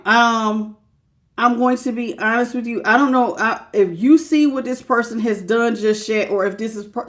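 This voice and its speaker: Woman, tarot reader on a live stream, a little high in pitch, conversational, breaks off to greet her chat. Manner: conversational, thinking aloud, interrupts herself to welcome viewers by name; warm and familiar with viewers.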